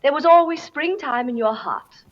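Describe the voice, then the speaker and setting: A woman's voice: high-pitched, animated, normal speed. An actress with a Mid-Atlantic accent playing a stern woman giving a cool, reproachful farewell, in 1940s film acting. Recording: dull old film soundtrack.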